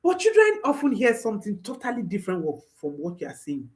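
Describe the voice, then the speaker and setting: A woman's voice: medium pitch, wildly swooping pitch, fast talker. A woman parenting coach giving advice to viewers, emphatic, often repeating her phrases and checking in with a questioning "hmm?".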